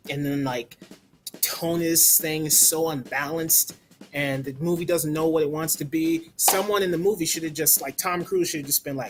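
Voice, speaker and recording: A man's voice: a little high, steady tone, normal speed, slight background noise. A man giving a blunt, casual movie review, ranting with lots of "like" and some swearing.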